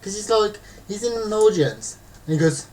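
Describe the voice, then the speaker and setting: A man co-hosting a casual chat, telling stories in an animated way and mimicking people in exaggerated voices. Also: high voice, moderate pace, crowd noise. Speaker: podcast co-host. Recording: distant mic with faint background noise.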